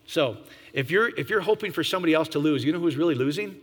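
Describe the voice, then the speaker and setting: Animated male preacher in a long reverb. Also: quick pace, slightly rough. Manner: animated, jumps to high excited pitch, laughs, asks the audience. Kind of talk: informal sermon.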